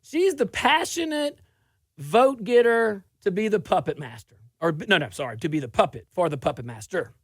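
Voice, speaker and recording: A middle-aged man from South Louisiana hosting a political talk show, delivering a sarcastic, animated monologue with frequent laughs. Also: high voice, normal speed, slightly rough, dry recording, studio quality.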